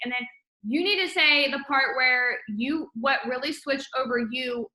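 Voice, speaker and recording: A woman's voice: sits high, measured pace, sharp tone, reverberant, low-quality recording. A woman hosting a casual motivational chat, encouraging and enthusiastic, with lots of fillers. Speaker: host.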